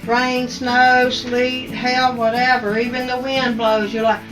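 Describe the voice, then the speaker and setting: A woman's voice: fairly high pitch, flat delivery, slow, recorded from a distance, rough recording. A woman with an Appalachian accent hosting a home cooking video, talking in a homey, chatty, teasing way in her kitchen. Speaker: cooking show host. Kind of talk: casual kitchen chat. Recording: voice from away from the mic, faint music.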